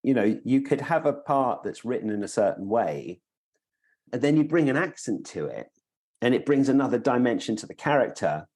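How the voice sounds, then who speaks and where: A man co-hosting a podcast, chiming in agreeably in relaxed conversation. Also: medium pitch, moderate pace. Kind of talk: casual interview chat.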